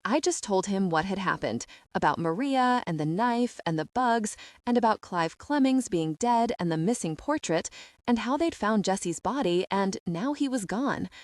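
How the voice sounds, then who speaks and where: A woman's voice: medium pitch, lively intonation, moderate pace, darkish tone, no echo, clean studio sound. A young woman reading a first-person young adult audiobook in a wry, confiding and emotional way. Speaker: audiobook narrator.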